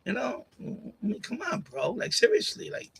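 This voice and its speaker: A man's voice: sits high, very animated, moderate pace, vocal fry, a bit bright, a little hiss or hum. A middle-aged man hosting a live stream, talking casually and turning heated and repetitive as he confronts someone in the chat. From Puerto Rican family, grew up partly in Puerto Rico. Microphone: USB condenser mic on boom arm.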